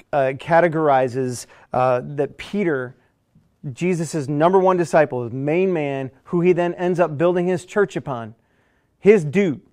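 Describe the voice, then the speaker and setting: Dynamic preaching man, slightly high. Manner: conversational preacher, dynamic swings from hushed to loud. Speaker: pastor. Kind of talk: sermon.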